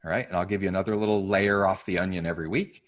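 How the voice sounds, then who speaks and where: A man's voice: low-pitched, steady tone, racing. A man teaching a course in a conversational way, with lots of fillers and "right?" checks. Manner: acts out quoted voices, loud and soft. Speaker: course instructor. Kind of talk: teaching a class.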